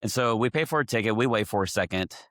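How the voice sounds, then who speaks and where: Man from texas, winemaker guest, lowish voice, steady detailed storytelling, dry close sound. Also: fast, dry recording. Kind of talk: casual chat.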